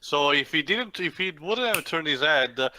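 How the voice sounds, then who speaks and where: Guy w a really sharp tense voice rambling about a game, swoopy. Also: fairly high pitch, expressive, normal speed, slight background noise, poor audio. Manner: rambling, hesitant. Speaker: let's play commentator. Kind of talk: casual gaming chat.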